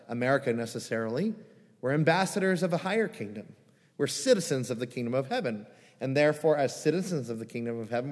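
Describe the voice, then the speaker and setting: Earnest male pastor preaching in a reverberant hall. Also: on the high side. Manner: earnest, pleading, conversational with rhetorical questions. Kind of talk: sermon. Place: church sanctuary.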